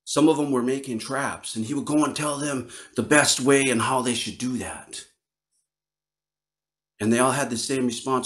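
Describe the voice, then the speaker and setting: A man from Northern Wisconsin telling a traditional story in a relaxed, conversational way. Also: mid-range voice, moderate pace. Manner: relaxed, conversational, many fillers. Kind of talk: oral storytelling.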